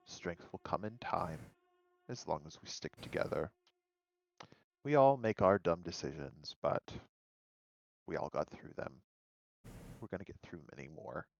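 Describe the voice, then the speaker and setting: A man voicing a steady, caring male undead companion who speaks gently and earnestly. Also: medium pitch, normal speed, dull audio, close to an everyday voice. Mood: gentle.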